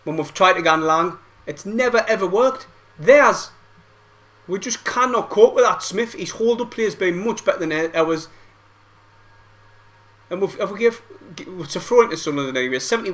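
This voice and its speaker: Sweary football fan. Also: male voice, sits high, animated, moderate pace, pauses often, fairly bright tone. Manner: swearing, frustrated, banter-filled outbursts. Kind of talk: live match watch-along commentary.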